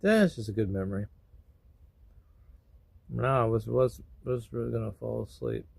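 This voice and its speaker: A man vlogging about feeling sad and sleepy, talking in a slow, rambling way with sudden loud bursts. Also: mid-range voice, vocal fry, slightly rough, no room sound. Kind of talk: emotional personal vlog.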